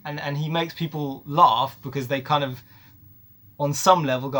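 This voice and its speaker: A man's voice: fairly high pitch, fairly even intonation, normal speed, sharp tone. A man giving a casual, opinionated film review, emphatic and ranting, repeating words for stress. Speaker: movie reviewer.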